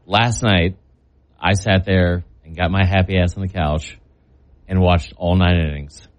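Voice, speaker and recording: A man with a fairly low voice talks sports in a loose, rambling way, full of "like" and "you know." He gets loud and fired up like a devoted fan. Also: a little slow. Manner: rambling, filler-heavy, animated. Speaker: sports podcast co-host. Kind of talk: casual sports chat.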